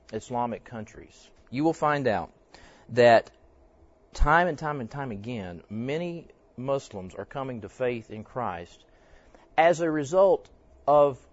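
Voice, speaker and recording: A man's voice: mid-range voice, no echo. Brief: a conversational male church teacher, storytelling, on a dull, dry recording. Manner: conversational, tells stories, quizzes the audience. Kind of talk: teaching talk with stories.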